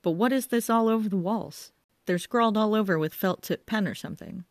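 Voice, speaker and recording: A man's voice: high voice, a little fast, dry recording, clean studio sound, voice pushed up. A woman doing a bemused young guitarist. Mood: puzzled. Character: puzzled young male rock guitarist. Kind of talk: audiobook character voice.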